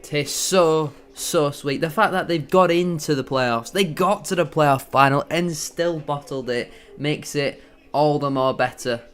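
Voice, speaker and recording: An excitable man giving gloating, bantering live commentary as a football fan on a match watchalong stream. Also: on the high side, a little slow, few pauses, clear, resonant tone.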